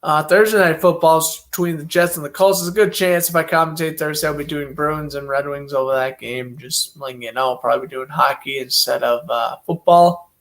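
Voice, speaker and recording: A man's voice: on the high side, fairly even intonation, fairly quick, few pauses, fairly bright tone. A young man doing casual solo play-by-play commentary and predictions, chatty and thinking aloud with many fillers.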